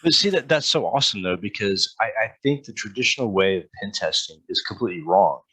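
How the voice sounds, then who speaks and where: Very deep-voiced male podcast host. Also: animated, quick pace, pushed and bright, slightly rough. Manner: earnest, repeats words when starting sentences. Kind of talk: casual interview chat.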